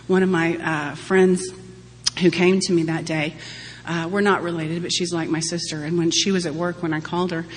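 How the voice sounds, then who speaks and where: A woman's voice: lowish voice, level tone, moderate pace. A woman in her forties giving a candid, humorous personal testimony to a meeting audience, often laughing as she talks. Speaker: speaker sharing at a recovery-group meeting. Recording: long hall reverb, faint hum.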